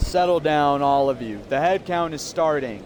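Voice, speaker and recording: A man voicing a gruff, stern prison captain who barks slow, commanding orders in a video game. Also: on the high side, a little mellow, a little hiss or hum, close to an everyday voice. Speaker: game character.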